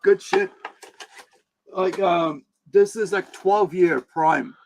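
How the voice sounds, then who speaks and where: New zealand accent, man, livestream host, gravelly, slightly high, slangy casual rambling. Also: slow, a little mellow. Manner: rambling, slangy, laid-back. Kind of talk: casual chat.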